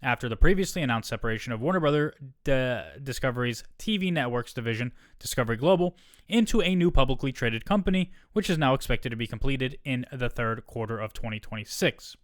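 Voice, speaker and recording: Smooth-voiced man hosting a casual podcast. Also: mid-range voice, animated, a little fast, no room sound, studio quality. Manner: rambling, self-correcting, reading an article aloud. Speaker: solo podcast host. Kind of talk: casual solo podcast talk.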